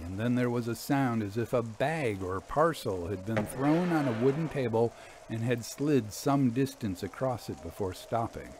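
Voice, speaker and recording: A man reading a classic eerie tale aloud as a measured, scripted narration. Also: medium pitch, a little mellow, slight background noise. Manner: measured storytelling.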